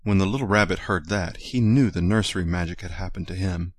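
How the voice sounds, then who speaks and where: Low-voiced man reading a storybook. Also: brisk, husky, no room sound, studio quality. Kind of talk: storybook read-aloud.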